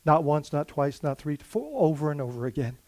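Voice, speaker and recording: A man's voice: a little high, lively intonation, a little fast, a little mellow, dry recording. A male pastor giving an earnest, conversational sermon, full of fillers and restarts.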